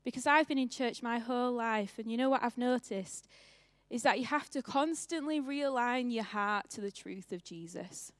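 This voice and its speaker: A woman's voice: on the high side, normal speed, dry recording, studio quality. A young woman pastor with a northern English accent, giving a chatty, self-mocking sermon in church and laughing often.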